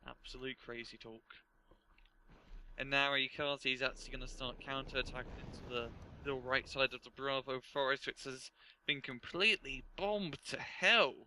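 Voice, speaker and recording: A man's voice: mid-range voice, normal speed, pushed and bright, a little hiss or hum, rough recording. A man commentating a strategy game match in a casual, laughing way. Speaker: game caster. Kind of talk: esports commentary.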